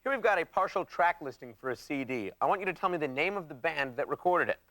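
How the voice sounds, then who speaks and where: A man's voice: fairly high pitch, fast talker, no echo. A man hosting a television game show in an upbeat, announcer-like way. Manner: energetic, announcer-like. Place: TV studio. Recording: studio with audience and music. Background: studio audience and show music.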